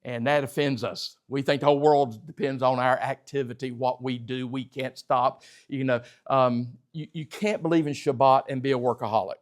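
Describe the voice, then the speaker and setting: A man's voice: medium pitch, steady tone, moderate pace, few pauses. Man preaching a conversational sermon. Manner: teaching, conversational with the congregation, varies loudness for emphasis. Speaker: pastor. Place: church sanctuary.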